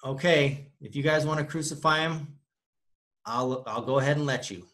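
A man's voice: on the high side, normal speed, fairly bright tone, natural voice. A man voicing a Roman governor who gives in to a crowd in a casual, resigned way.

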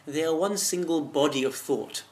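A man delivers an earnest religious talk. His voice sits a little high for a man. He tells the story with feeling and often pauses on rhetorical questions. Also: a little mellow. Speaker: religious speaker.

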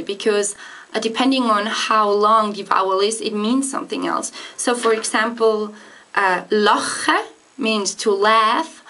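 A woman's voice: mid-range voice, a bit bright. A woman giving a casual video lesson on pronunciation, speaking carefully and demonstrating sounds. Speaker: language teacher.

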